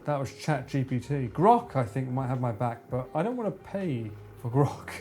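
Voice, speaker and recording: A man's voice: mid-range voice, sing-song, normal speed, warm tone, soft background music. A man streaming live, bantering and joking with his chat in a casual way. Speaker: livestreamer.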